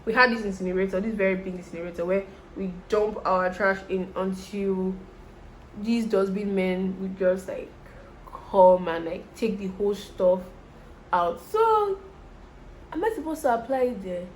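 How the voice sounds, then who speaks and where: A woman's voice: medium pitch, normal speed, slight background noise. A young Nigerian woman with a Nigerian accent, chatting to viewers and telling a story while doing her make-up. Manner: chatty, animated, addresses viewers directly. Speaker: vlogger.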